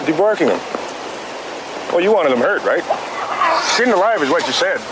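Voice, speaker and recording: An actor playing a calm, mocking, unhinged man who taunts a bound captive, heard in film audio over loud rain. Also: fairly high pitch, moderate pace, heavy background noise, natural voice. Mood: coldly mocking.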